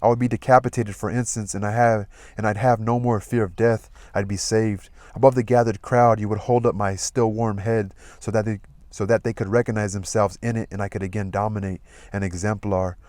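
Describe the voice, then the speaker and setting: Low-voiced man reading a novel aloud. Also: steady tone, brisk, a little mellow, no echo. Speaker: audiobook reader.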